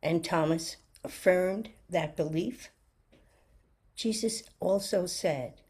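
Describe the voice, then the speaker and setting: A woman giving a sermon reflection with a personal story, speaking in a gentle, earnest, reflective way. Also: on the low side, slow, husky. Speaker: lay preacher giving a reflection.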